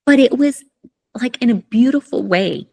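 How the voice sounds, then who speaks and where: A middle-aged woman telling a personal story in an interview, soft-spoken, halting and emotional. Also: a little high, animated, gravelly. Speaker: guest, coach.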